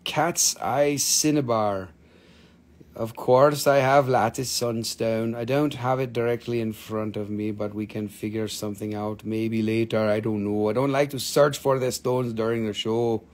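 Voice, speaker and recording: A man's voice: fairly low pitch, little pitch movement, normal speed, hardly any pauses, a little mellow. Swearing, joking man selling rocks live. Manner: joking, blunt, swears freely, non-native phrasing. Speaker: live-stream seller of minerals. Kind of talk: casual live sales stream.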